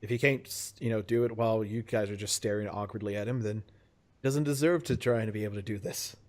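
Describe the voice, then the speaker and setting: A man narrating as game master in a casual tabletop game, halting and full of fillers, laughing often. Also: lowish voice, steady tone.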